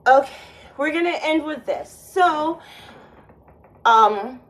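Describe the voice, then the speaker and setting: Woman, vlogger, casual monologue, sardonic, rambling, slow delivery. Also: high voice, lively intonation, a bit bright, low-quality recording. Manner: rambling, sardonic, with frequent restarts.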